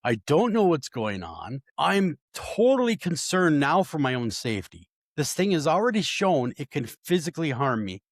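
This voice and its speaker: Male guest, casual storyteller, very expressive pitch, dry studio sound. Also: moderate pace, few pauses, no room sound. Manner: animated, acts out voices in his story. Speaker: paranormal investigator guest.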